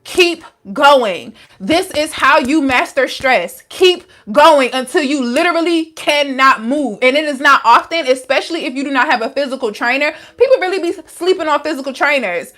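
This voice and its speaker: On a casual live stream, a young adult woman who works as a wellness coach answers viewers in a high, fairly bright voice with lively intonation. She speaks at normal speed with few pauses, frank and chatty, heavy on "like" and slang.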